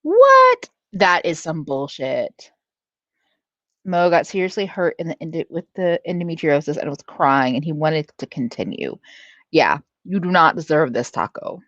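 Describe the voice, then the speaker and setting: A woman's voice: deep voice, lively intonation, normal speed, no echo, dull audio. A woman hosting a casual livestream, reading out chat, laughing often and swearing freely. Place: at home.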